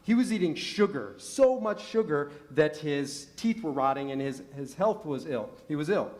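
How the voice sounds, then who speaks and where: A middle-aged rabbi sermonizes animatedly in a synagogue sanctuary, his slightly high voice a little mellow and his speed normal. He tells stories and raises rhetorical questions with increasing emphasis.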